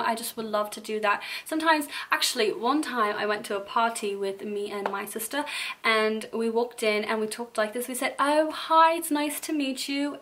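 Young female beauty vlogger, bubbly and gushing, slightly high, bright and sharp voice. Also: rough recording. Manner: bubbly, gushing, filler-heavy chatter. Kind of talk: casual haul vlog.

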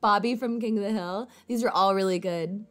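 A woman's voice: mid-range voice, a little fast, fairly bright tone. A woman streamer chatting casually with viewers, rambling with lots of "like" and casual swearing. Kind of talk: casual chat.

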